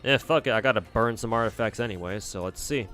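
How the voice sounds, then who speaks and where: A man's voice: lowish voice, fast, pushed and bright. A man streaming a game, chatting casually and swearing freely as he mutters to himself. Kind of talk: casual gameplay commentary. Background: faint game music.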